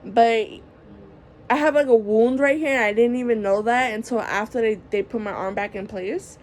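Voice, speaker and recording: A woman, telling a story in a casual vlog, animated and swearing freely. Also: fairly high pitch, normal speed. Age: 30s. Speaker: vlogger.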